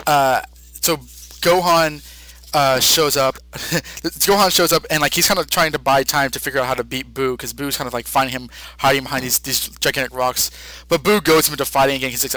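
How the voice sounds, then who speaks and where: A man's voice: medium pitch, a little fast, sharp tone, no echo. A young man hosting a podcast, casually recapping an episode with rambling asides and acted-out quotes. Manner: rambling, laughs and acts out quotes. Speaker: podcast host.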